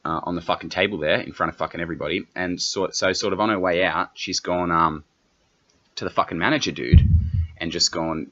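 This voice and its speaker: Brash, foul-mouthed Australian podcast host. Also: male voice, low voice, fairly even intonation, fairly quick, pushed and bright, dull audio. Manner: swears constantly, rambling and brash. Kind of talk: profane solo podcast rant.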